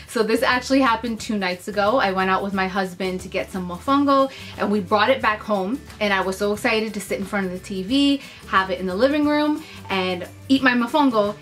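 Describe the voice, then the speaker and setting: A young woman vlogging to camera, telling personal stories in a chatty, animated way with lots of fillers. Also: medium pitch, fairly quick, few pauses, soft background music. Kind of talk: casual chat to camera.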